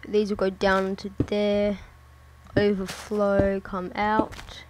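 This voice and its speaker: A woman in the middle of her register drawls through her gameplay, narrating each step and swearing under her breath whenever things go wrong. The recording carries a clear layer of background noise. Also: mid-range voice, completely flat delivery, slow pace. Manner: mutters to herself and swears often while playing. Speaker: gameplay commentator. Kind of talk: casual let's-play commentary.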